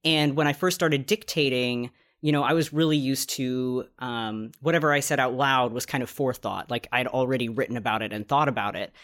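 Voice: mid-range voice, a little fast, few pauses, fairly bright tone. Candid, laughing novelist on a podcast. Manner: candid, laughing, tells stories with self-mocking asides. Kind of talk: casual podcast chat.

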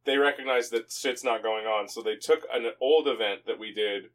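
A man co-hosting a podcast in casual chat, easygoing and quick to laugh along. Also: on the low side. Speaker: podcast co-host.

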